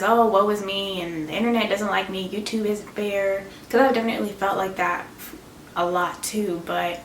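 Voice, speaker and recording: A woman's voice: mid-range voice, a bit bright. A woman talking casually to her viewers as a YouTuber, earnest and encouraging, chatty with fillers. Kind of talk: casual vlog talk. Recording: roomy, slightly distant with faint noise.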